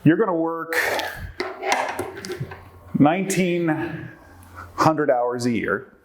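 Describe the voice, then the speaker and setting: A man's voice: mid-range voice, animated, a little slow, noisy background. A man presenting a workshop to a live group, quizzing the audience and working through numbers aloud.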